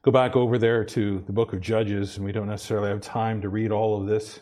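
A man preaching a sermon in a conversational way, often repeating himself and asking the congregation "Amen?", sometimes rising high with excitement. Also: fairly quick. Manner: animated, rises high and loud when excited. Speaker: pastor.

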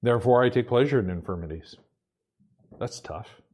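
This Pacific Northwest pastor has a mid-range, darkish voice, speaking at normal speed and pausing often. His sermon is conversational, with repeated words stumbling out at the start of sentences as he builds his points, and laughter between them.

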